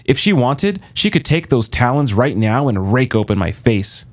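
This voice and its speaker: A man narrating an audiobook in the first person with a steady, measured delivery. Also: medium pitch. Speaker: audiobook reader.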